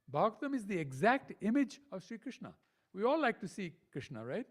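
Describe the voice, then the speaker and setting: A man giving a devotional sermon to a congregation, explaining slowly and often checking in with "right?". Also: sits high. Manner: keeps checking in with listeners with "right?"; explains slowly, counting out syllables. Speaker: temple preacher.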